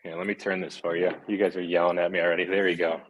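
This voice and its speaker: A man's voice: low-pitched, flat delivery, fast, slight background noise. A man in his thirties, a guest on a video call from his living room, joking in a self-deprecating way. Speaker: guest, former pro hockey player. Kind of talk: casual chat over a video call. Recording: dull, lo-fi call audio.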